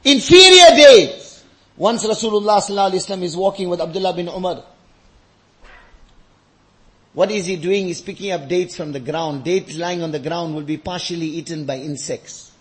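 A man's voice: high-pitched, fast talker, few pauses, darkish tone. A man giving an impassioned sermon, repeating phrases and rising to emotional peaks, with Arabic phrases woven into his English. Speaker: preacher.

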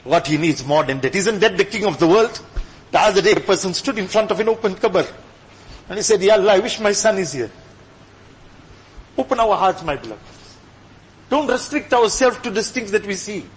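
A man preaching a sermon with passion, swinging between loud exhortation and hushed, pleading asides. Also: sits high, expressive, brisk, pauses often. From Gujarati-speaking background. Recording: long hall reverb.

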